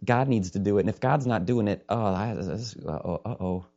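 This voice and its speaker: A man's voice: on the low side, moderate pace, mellow. A male pastor preaching an impassioned sermon, sometimes raising his voice to a holler. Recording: dull lo-fi recording.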